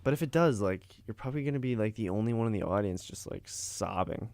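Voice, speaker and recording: A man's voice: lowish voice, animated, quick pace, vocal fry, darkish tone, dry recording, clean studio sound. A young man co-hosting a podcast in casual chat, with a laid-back, chatty way of talking. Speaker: podcast co-host.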